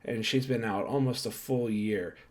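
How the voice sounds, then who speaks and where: A man's voice: mid-range voice, moderate pace, a little mellow. A man recapping a wrestling show in a casual, rambling way, correcting himself and tossing in jokey asides while handing out star ratings.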